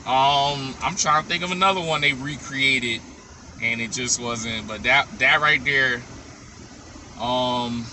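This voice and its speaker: A man's voice: medium pitch, takes it slowly, sharp tone, a little hiss or hum. A man vlogging casually to his viewers, giving blunt, opinionated verdicts and repeating them for emphasis. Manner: talks straight to viewers.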